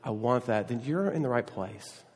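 A pastor giving a sermon, telling a rambling personal story full of restarts and self-deprecating asides. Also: male voice, mid-range voice, lively intonation, moderate pace, a little mellow, slightly rough. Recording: long hall reverb.

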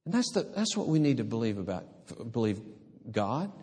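A man preaching a sermon as a pastor, earnest and halting, with frequent restarts and fillers. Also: medium pitch, big pitch swings, warm tone, slightly rough. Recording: long reverb of a hall.

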